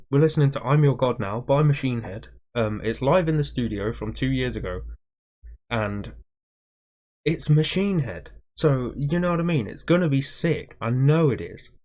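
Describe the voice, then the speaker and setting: A man hosting a music reaction video, chatting casually with viewers in a rambling way, with a slightly rough morning voice. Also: medium pitch, a little mellow. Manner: rambling, chatty, self-aware waffling.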